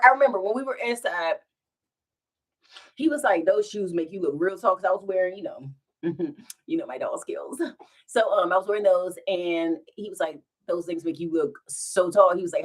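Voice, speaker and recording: A woman telling funny stories to her live viewers in a casual storytime, giggling and breaking into laughter as she goes. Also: lowish voice. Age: adult with children. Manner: giggly, animated, bursts into laughter.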